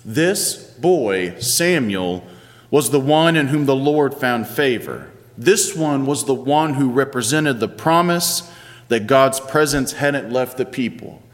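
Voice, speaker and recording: A man's voice: medium pitch, expressive, slow, in a large hall. A man in his thirties, a pastor giving a sermon in a conversational, playful storytelling manner.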